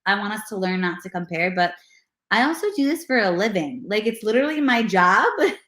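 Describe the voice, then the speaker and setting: A woman's voice: mid-range voice, brisk. Earnest woman trainer in an echoey room. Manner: earnest, animated, many fillers like "like" and "you know". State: pregnant. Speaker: personal trainer, interview guest. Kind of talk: casual video interview.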